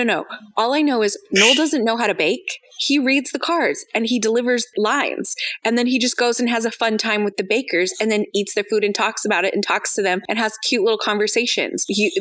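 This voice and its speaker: Animated higher-voiced woman podcaster. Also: no echo. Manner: animated, profane, mock-indignant banter. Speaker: podcast co-host. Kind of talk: casual chat.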